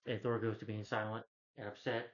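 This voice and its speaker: A man's voice: lowish voice, level tone, a little fast, lo-fi sound. A man who reviews movies, casually retelling a film's plot in a loose, rambling way with lots of "like" and "you know".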